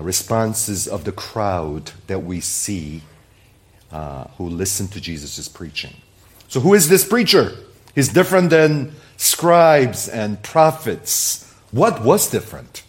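A pastor delivers a sermon in a somewhat low male voice. He moves from hushed, almost muttered asides to raised, emphatic declarations. He repeats single words for weight. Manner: dynamic swings between soft asides and loud emphatic bursts.

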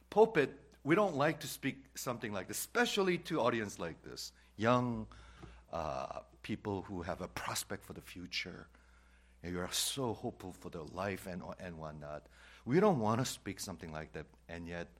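A male pastor delivers a sermon in a fairly low voice. He drives points home by repeating them, rising to loud emphatic declarations and then dropping to soft, quiet asides.

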